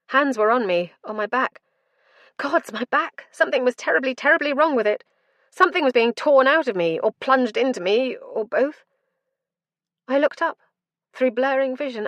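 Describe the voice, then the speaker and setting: A woman's voice: sits high, lively intonation, normal speed, fairly bright tone, no room sound. A woman narrating a first-person fantasy audiobook in an intense, dramatic storytelling manner.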